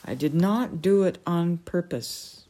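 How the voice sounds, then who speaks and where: A woman's voice: lowish voice, takes it slowly, dark tone. A woman reading aloud, voicing a tetchy, easily vexed old male wizard in a storybook. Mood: stern. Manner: stern, prone to outbursts.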